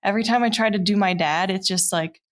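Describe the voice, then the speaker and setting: Bubbly woman hosting a podcast. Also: mid-range voice. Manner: bubbly, teasing, quick to laugh. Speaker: podcast host. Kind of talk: casual chat. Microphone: video call.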